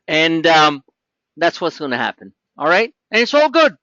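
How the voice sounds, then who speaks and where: A man's voice: fairly high pitch, big pitch swings, a little slow, bright, forceful tone, no room sound, highs cut off. A man hosting a live trading webinar, rambling and joking informally, with many restarts and asides.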